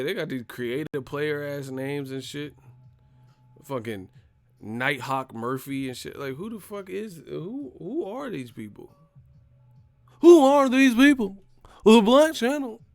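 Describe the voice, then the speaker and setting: A man's voice: medium pitch, gravelly, no echo. A man hosting a live stream, ranting in casual, slangy, profane commentary. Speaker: boxing live stream host.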